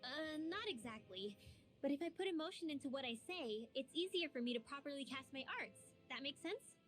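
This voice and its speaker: An actress playing a sharp-tongued young female mage in a game, dry and teasing. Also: high voice, expressive, fairly quick. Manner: dry, teasing, matter-of-fact. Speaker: game character. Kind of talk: game dialogue acting. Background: game music.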